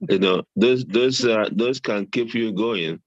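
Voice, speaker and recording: Older man, low voice, jovial, repeats himself, dry muffled call audio. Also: unhurried, no room sound. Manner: repeats words often, chuckling and jovial. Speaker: guest recommending supplements. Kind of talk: casual interview talk.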